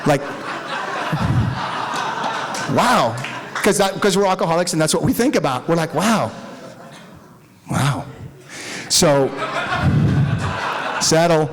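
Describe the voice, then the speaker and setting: A middle-aged man from Mexico tells his story at a recovery meeting, swearing freely and rambling with animated energy. His voice sits a bit higher than most men's. He talks candidly to a room of listeners. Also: takes it slowly, long pauses, some chatter behind.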